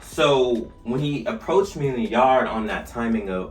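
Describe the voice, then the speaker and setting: A young man vlogger telling a story in a casual way while getting ready, with animated retellings. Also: medium pitch, measured pace, hardly any pauses. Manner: animated storytelling, shouting re-enacted lines. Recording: echoey room, mic at a distance, faint music.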